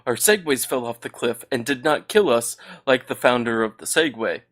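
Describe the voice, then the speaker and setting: Flustered young adventurer, played by a man, jumpy, mid-pitched, game podcast. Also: normal speed, a bit bright, lightly acted. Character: young male adventurer, easily rattled.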